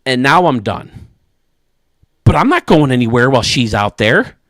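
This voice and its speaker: Animated chuckling male storyteller. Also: mid-range voice, normal speed, no room sound, studio quality. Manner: animated, chuckling anecdote-teller. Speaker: gaming channel host. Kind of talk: casual storytelling to camera.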